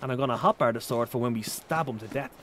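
A man streaming a survival game, chatting casually and excitably, with frequent swearing. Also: mid-range voice, fast, a little hiss or hum. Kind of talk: casual live-stream commentary.

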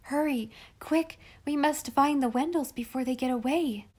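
A woman's voice: fairly high pitch, slow pace, a little mellow. A woman reading a storybook voices a scared but brave ten-year-old girl who tries to sound stout and reassuring. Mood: anxious reassuring.

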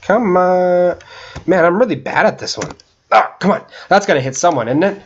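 Excitable young man whooping over a game. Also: high voice, fast talker, husky, highs cut off. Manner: excitable, yelps and whoops, swears often. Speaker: gaming channel host. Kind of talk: casual gaming commentary.

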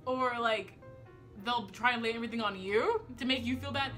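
Bright-voiced young woman, fast rambling chat. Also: a little high, soft background music. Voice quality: speech impediment. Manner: very fast, rambling, lots of swearing and fillers. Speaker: vlogger. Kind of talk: casual chat to camera. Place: home room.

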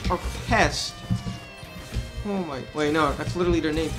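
A woman doing unscripted gameplay commentary, excitable and swearing constantly, panicky and self-mocking, rambling with fillers. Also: deep voice, normal speed, pauses often, loud music behind the voice. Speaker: gaming YouTuber.

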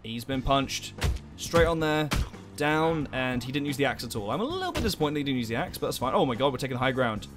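A young man hosting a let's play, commenting in an animated, jokey way and swearing a lot. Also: medium pitch, brisk. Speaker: gaming channel host. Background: game music.

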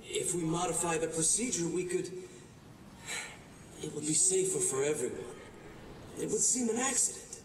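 An actor playing a manipulative male asylum doctor who speaks in a calm, clinical, condescending way. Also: fairly high pitch, normal speed, long pauses, slight background noise, natural voice. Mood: scheming. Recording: roomy game audio from far off.

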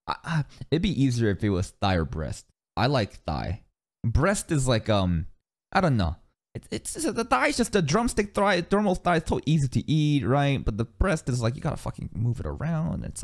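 Male reaction streamer, raspy-free, rambling with crude jokes and lively pitch. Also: normal speed. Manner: rambling, laughing, frequent swearing. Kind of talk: casual reaction commentary.

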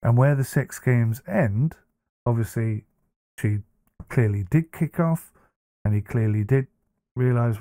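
A man's voice: mid-range voice, a little slow, pauses often, warm tone, no room sound, studio quality. A man hosting a reaction commentary, talking bluntly and casually with many fillers and restarts. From United Kingdom. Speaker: commentary host.

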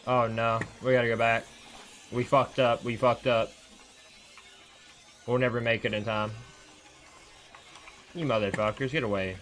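Excitable, foul-mouthed man streaming a game. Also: mid-range voice, a little slow, pauses often, slight background noise. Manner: profane, excitable reactions. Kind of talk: casual gameplay commentary.

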